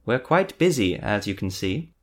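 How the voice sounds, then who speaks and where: A man's voice: fairly low pitch, big pitch swings, normal speed. A man voicing a stern, self-serious young nobleman in an audiobook reading. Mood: curt. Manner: stern, clipped.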